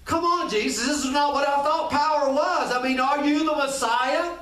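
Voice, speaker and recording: A man voicing a jailed prophet, bewildered and pleading, in a high voice with room echo. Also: normal speed, a bit bright. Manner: pleading, exasperated. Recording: echoey room, distant from the mic.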